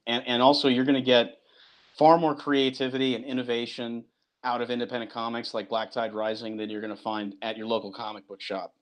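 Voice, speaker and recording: A man's voice: mid-range voice, a little fast. A man, a comic book creator and guest, chatting animatedly and acting out movie lines as he talks. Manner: animated, acts out movie lines, restarts often. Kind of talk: casual interview chat.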